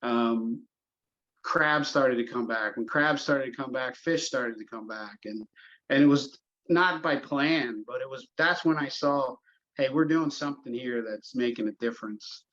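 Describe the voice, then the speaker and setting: A man's voice: medium pitch, measured pace, fairly bright tone, muffled recording. A middle-aged man, a golf course superintendent, telling long stories in a casual podcast interview, with lots of fillers and restarts. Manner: rambling storyteller, many fillers and restarts.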